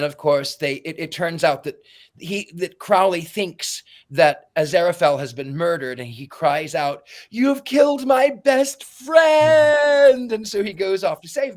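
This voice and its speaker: A man hosting a podcast, casually recapping a story's plot in a rambling way, stumbling and repeating words as he goes. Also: on the high side. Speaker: podcast host.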